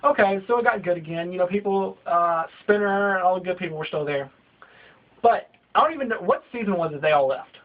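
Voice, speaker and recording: A young man with a notably high voice rants at the camera, swearing freely and piling on exaggerated jabs. The sound is dull and lo-fi, like cheap home video audio. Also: animated, a little fast. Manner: profane, ranting, exaggerated. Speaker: vlogger. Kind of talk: comedic rant vlog.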